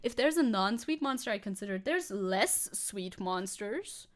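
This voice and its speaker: A young woman from Germany streaming as a VTuber, chatting casually with her audience, reading comments aloud and laughing often. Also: unhurried. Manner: chatty, laughs often, reads chat aloud, jumps high when excited. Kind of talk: casual livestream chat.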